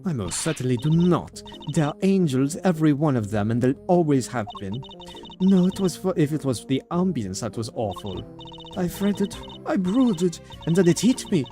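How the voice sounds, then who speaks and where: A pompous older warden lady gushes in a put-on French accent, as a man voices her, her voice high and swooping. She drags out her words, theatrical and sugary, over faint game music. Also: big pitch swings, moderate pace, warm tone. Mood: gushing. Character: pompous older woman prison warden, gushing. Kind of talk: game dialogue read aloud.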